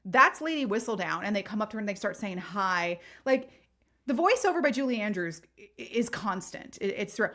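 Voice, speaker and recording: A woman's voice: mid-range voice, a little fast. Chatty woman co-hosting a podcast. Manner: chatty, animated, swearing freely. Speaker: podcast co-host. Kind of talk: casual chat.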